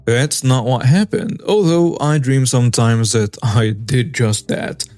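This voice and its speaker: A man's voice: mid-range voice, measured pace, darkish tone, dry recording. A man narrating a customer-service story in a wry, conversational way. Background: faint background music.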